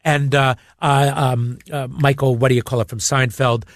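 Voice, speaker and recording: A middle-aged man telling stories in a rambling, excitable way as a podcast guest. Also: medium pitch, normal speed, no room sound, studio quality. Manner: rambling, excitable, shouts out quoted lines. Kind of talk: casual chat, storytelling.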